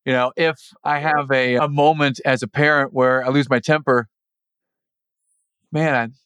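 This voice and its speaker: Measured man giving coaching advice. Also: medium pitch, fairly even intonation, a bit bright, clean tone, dry recording. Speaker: podcast host and coach. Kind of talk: reflective coaching talk on a podcast. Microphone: podcast microphone over the internet.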